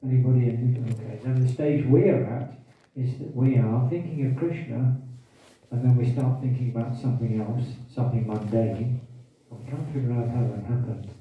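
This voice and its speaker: A man's voice: medium pitch, normal speed. Brief: male lecturer, scripture class, asks the room questions, hiccups, distant tinny mic, big echo. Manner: questions the audience, repeats key phrases. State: has hiccups. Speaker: teacher giving a scripture class.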